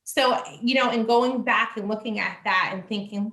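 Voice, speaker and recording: A woman telling a personal testimony casually, animated, acting out the voices in her story and laughing often. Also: a little high, moderate pace, few pauses, reverberant. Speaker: church member sharing testimony.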